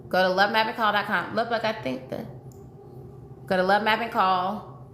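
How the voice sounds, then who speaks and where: On a livestream, a female dating coach talks with her audience in a medium-pitched, slightly bright voice, keeping her intonation fairly even and her pace moderate. Emotional and repetitive, she alternates between pleading and reassurance. Her recording has an echoey room sound and faint noise.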